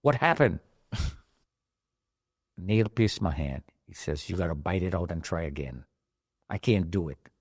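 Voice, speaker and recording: A man's voice: deep voice, expressive, slow pace, long pauses, slightly rough, no room sound. Man dramatically recounting survival, dry sound. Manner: emotional, dramatic retelling with raised pleading outbursts. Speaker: survivor telling his story. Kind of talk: personal testimony.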